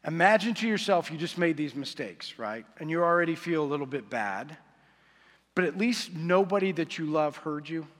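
Conversational preacher in an echoing hall. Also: male voice, on the high side, animated, normal speed, a bit bright. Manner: conversational, confessional, asks the audience often. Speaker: pastor. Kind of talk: sermon. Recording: reverberant hall.

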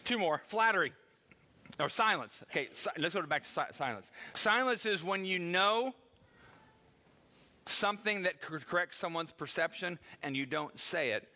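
A man's voice: high-pitched, expressive, moderate pace, pushed and bright. A middle-aged man preaching a sermon in a conversational way, acting out the voices he quotes and laughing now and then. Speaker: pastor.

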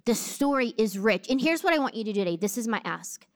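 High-voiced woman preaching with humor. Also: quick pace. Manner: humorous, animated storyteller. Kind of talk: sermon with personal storytelling.

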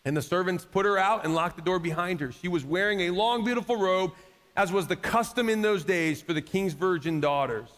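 A man's voice: high voice, fairly quick, fairly bright tone. Preaching man in a reverberant hall. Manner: conversational preaching, acts out quoted voices, rising to emphatic peaks. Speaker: pastor. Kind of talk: sermon. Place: church sanctuary. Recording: long reverb of a large hall.

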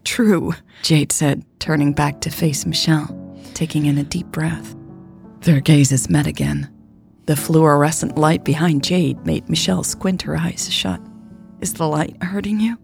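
A woman narrating an audiobook in a measured, even reading style. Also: deep voice, vocal fry, faint music behind.

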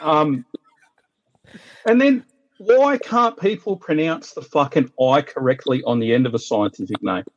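A man's voice: fairly high pitch, expressive, a little slow, no room sound, lo-fi sound. An Australian man ranting bluntly and swearing constantly as a guest on a casual podcast call.

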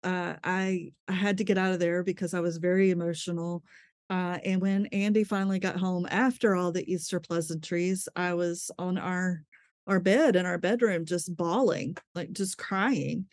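Expressive woman telling her story. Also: fairly low pitch, moderate pace, dry recording, studio quality. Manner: expressive, laughs often, trails off and restarts. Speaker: interview guest. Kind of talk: candid conversational storytelling.

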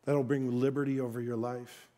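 A middle-aged man preaching a sermon, telling a story with lively acted-out dialogue and frequent restarts. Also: mid-range voice, normal speed. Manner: animated, acts out dialogue, many restarts. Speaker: pastor.

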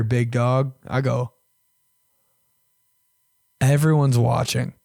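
A young man hosts a podcast and tells crude, self-mocking stories in a loose, chatty way. His voice sits in a middle pitch and often swings between loud and hushed. The sound is dry and close, with no room echo. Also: normal speed, gravelly, pauses often. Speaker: podcast host. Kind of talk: casual storytelling.

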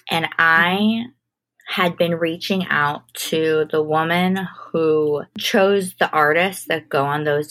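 A young adult woman, a guest in an interview, telling her story in a relaxed, casual way with frequent "like". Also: low voice. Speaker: guest, entertainment manager.

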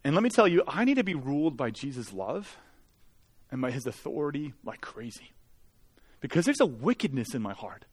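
A young man, a pastor preaching a sermon and telling a lively story about himself with self-mocking humor. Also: medium pitch, brisk, slightly rough. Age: young adult. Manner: animated storytelling, laughs at himself, confessional.

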